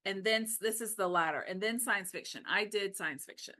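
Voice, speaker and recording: A woman co-hosts a casual book chat. Her voice is bright and forward at a middle pitch, and she talks in quick, animated asides. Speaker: podcast co-host.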